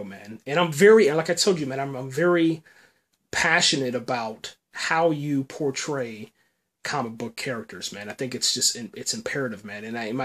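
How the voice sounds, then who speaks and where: Excited rambling man recapping a TV episode. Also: a little high. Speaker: podcast host.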